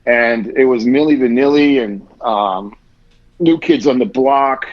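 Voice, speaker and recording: Through lo-fi sound, a mid-range male voice at a slightly slow pace carries a long, rambling podcast story. The guest swears a lot and acts out the things others told him.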